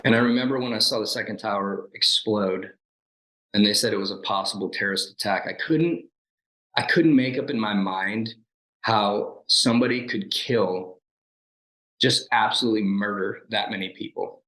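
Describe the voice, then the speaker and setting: A man's voice: lowish voice, normal speed, reverberant, low-quality recording. A man in his forties, a guest and former Navy SEAL, telling his life story in an interview and acting out the lines people said to him. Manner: animated storyteller who acts out quoted lines and laughs at himself.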